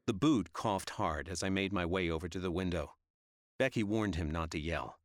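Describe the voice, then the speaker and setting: A man reads a gritty novel aloud in a steady, measured way. His voice sits very low, and the recording is close and dry with no room sound. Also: no room sound. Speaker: audiobook narrator. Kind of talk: scripted narration.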